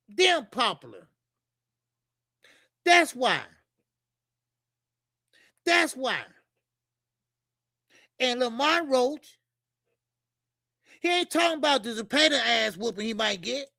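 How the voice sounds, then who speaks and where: A man hosting a casual boxing show, ranting heatedly and cursing, shouting at times. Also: extremely high pitch, expressive, takes it slowly, vocal fry, long pauses, dry recording, studio quality. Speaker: boxing commentary show host.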